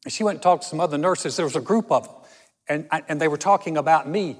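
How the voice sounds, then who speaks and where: A man preaching a sermon, telling stories in a conversational way and slowing down for emphasis. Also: fairly high pitch. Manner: storytelling, conversational with dramatic slow emphasis. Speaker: pastor. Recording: long hall reverb.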